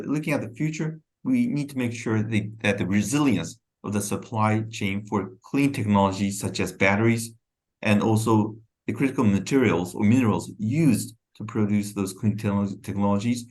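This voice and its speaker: A fairly low-voiced man presents government policy in a webinar. His delivery is halting, and he often breaks off words to restart them. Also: darkish tone.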